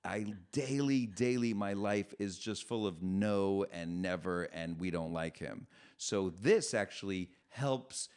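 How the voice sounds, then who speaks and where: Animated middle-aged man telling stories. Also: sits low, slow pace, clean tone. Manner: animated, self-deprecating storytelling. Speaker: comedian guest. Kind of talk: podcast conversation.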